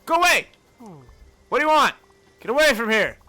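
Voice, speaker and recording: Brief: panicky, defensive CEO, shrill and high, played by a male streamer. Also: big pitch swings, moderate pace, sharp tone, faint music behind, full character voice. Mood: panicked.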